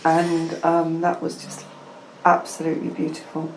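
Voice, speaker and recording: A woman, a spiritual healer, leading a hushed, slow channeled session over a video call and then chatting casually with her client. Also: sits low, completely flat delivery, a little hiss or hum. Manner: soft, slow, hushed incantations. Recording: roomy echo.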